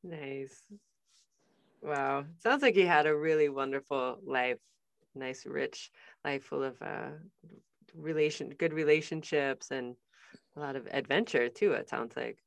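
A woman interviewing a guest, gentle and responsive, sharing a bit of her own family. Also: extremely low pitch, unhurried, gravelly, dry recording. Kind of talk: interview conversation.

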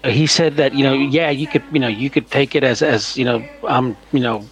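A man co-hosting a casual podcast chat, talking in a halting way full of "you know" fillers. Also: mid-range voice, fairly even intonation, rough recording. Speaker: podcast co-host.

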